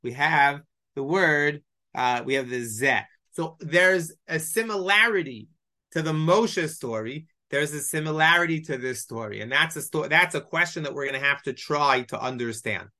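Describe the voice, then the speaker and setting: Man as Torah teacher, clear bright tone, animated delivery, quotes Hebrew then explains. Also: fairly high pitch, moderate pace. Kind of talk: classroom Bible lesson.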